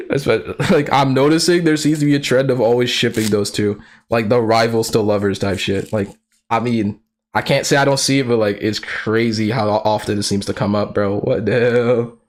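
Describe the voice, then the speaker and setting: A streamer giving casual live commentary, slangy and profane, who laughs often and breaks into excitable outbursts. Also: mid-range voice, normal speed.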